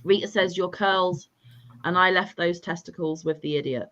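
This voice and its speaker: A woman's voice: on the low side, moderate pace, fairly bright tone, dull audio. A woman hosting a casual livestream chat, reading viewer comments aloud and joking at her own expense. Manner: self-deprecating, laughs often. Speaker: livestream host.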